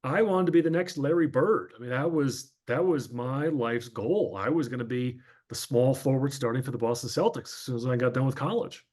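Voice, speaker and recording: A man's voice: medium pitch, a little fast, hardly any pauses, a little mellow. A man in his fifties from northern New Jersey, a former sportscaster, telling his life story as an interview guest in a chatty, anecdotal way with frequent fillers.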